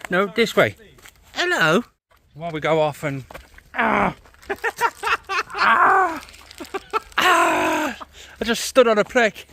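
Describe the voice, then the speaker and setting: A man, chatting excitably to a handheld camera while vlogging outdoors in a forest at night. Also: high-pitched, a little slow, vocal fry, long pauses, a little hiss or hum. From England. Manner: excitable, chatty, laughs often. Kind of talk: casual vlog narration.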